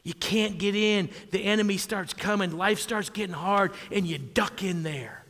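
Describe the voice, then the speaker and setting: Man preaching, from southwest wisconsin, high bright voice, calls for amens, long reverb. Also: normal speed. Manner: animated preaching, calls for amens, shouts at peaks. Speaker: pastor. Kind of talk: sermon.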